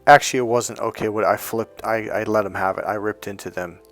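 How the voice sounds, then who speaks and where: A man's voice: fairly low pitch, fairly even intonation, fairly quick, fairly bright tone, faint music behind. A man coaching on relationships, talking candidly in a casual monologue and acting out what other people said to him.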